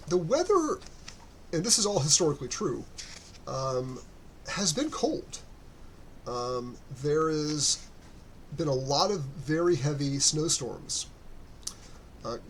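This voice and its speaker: A man's voice: on the high side, a little hiss or hum. A man narrating as game master, rambling with many fillers and restarts.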